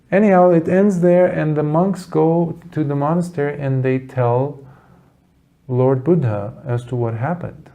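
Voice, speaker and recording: Man telling a buddhist story, slow and earnest, dark warm voice. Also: fairly high pitch, creaky. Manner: earnest, with dramatic pauses and restarts. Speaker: Buddhist teacher. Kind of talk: dharma talk storytelling.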